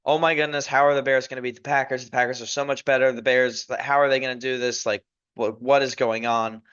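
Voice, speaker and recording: A man's voice: medium pitch, steady tone, moderate pace, fairly bright tone, clear, resonant tone, lightly acted. A man acting out his panicking football fan buddy, frantic and disbelieving, in a casual sports podcast. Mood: panicky. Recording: dull lo-fi recording.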